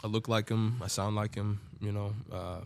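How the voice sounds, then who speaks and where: A man's voice: on the low side, fairly even intonation, moderate pace, creaky. A man telling his own story as a podcast guest in a loose, profane way, full of filler words. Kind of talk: casual storytelling.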